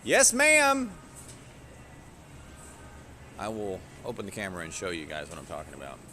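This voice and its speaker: Low-voiced rambling man. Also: racing, a bit bright. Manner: rambling, profane, jokey. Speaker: live streamer. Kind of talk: casual live-stream chat. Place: shop aisles indoors. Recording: noisy shop background.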